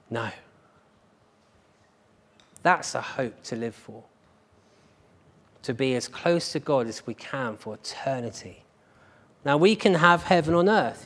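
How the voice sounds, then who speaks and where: Speaking at medium pitch, a man delivers a church sermon as pastor. His earnest, emphatic style leans on repetition to drive each point home.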